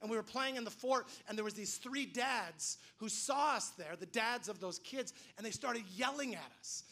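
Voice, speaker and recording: A man's voice: very high-pitched, expressive, moderate pace, pushed and bright. A man preaching a sermon, telling a story animatedly, acting out the voices he quotes and often restarting his words. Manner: frequent restarts and repeated words. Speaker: pastor.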